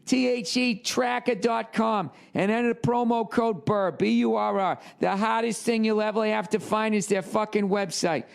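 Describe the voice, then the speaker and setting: A man putting on a brash guy for a comic ad read, swearing constantly with a gravelly voice. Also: high voice, fairly even intonation, normal speed, hardly any pauses, pitched above the performer's own voice.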